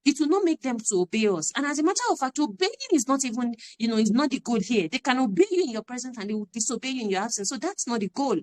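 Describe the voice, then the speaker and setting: Woman, parenting coach, live talk, emphatic, repeats herself, slightly high voice. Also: lively intonation, fast, few pauses, darkish tone. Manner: earnest, emphatic, repeats key phrases.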